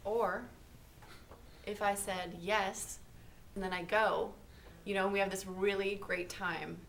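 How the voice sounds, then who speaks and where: A woman's voice: mid-range voice, fairly even intonation, slow pace, creaky, fairly bright tone, slight background noise. A woman in a comedy sketch therapy group, rambling and eager to help.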